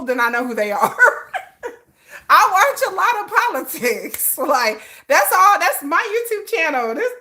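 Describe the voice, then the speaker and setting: A woman's voice: fairly high pitch, sharp tone. A middle-aged woman hosting a casual livestream, chatting bluntly with viewers, swearing freely and laughing often. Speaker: livestream host.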